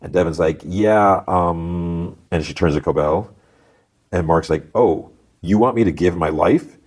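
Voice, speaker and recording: A man's voice: low voice, measured pace, a little mellow. A man hosting a podcast, casually recapping a TV episode in a rambling way, full of restarts and retold dialogue. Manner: rambling, retells scenes with many restarts and "he's like". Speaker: podcast host.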